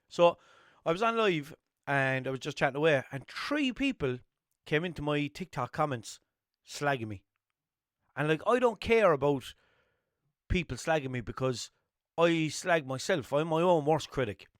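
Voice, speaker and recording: A man's voice: a little high, expressive, normal speed, no echo, clean studio sound. A young man from Limerick with an Irish accent, talking in a rambling, swearing, self-mocking way as a podcast host. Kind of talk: casual solo monologue.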